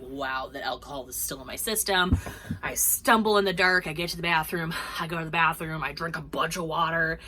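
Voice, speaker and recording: A young woman casually telling a long funny story to camera, chatty and full of fillers. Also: on the low side. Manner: chatty, animated, laughing storyteller with many fillers. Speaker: vlogger.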